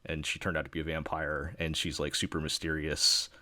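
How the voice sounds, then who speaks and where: Low-voiced guy from new york, rambly podcast chat, dry close mic. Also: little pitch movement, brisk, pushed and bright, no room sound. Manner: rambling, many fillers and restarts. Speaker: podcast host. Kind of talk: casual chat.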